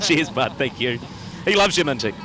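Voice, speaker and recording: A man's voice: medium pitch, very animated, normal speed. A man interviewing a driver in the pits, jokey and matey. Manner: jokey, matey, laughs easily. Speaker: pit reporter. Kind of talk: trackside interview. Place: outdoor speedway pits. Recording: crowd noise at speedway pits.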